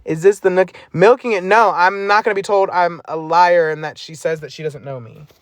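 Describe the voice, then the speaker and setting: A man's voice: sits high, fairly even intonation, brisk, no echo. A man on a phone livestream, recounting messages aloud in an exasperated casual rant.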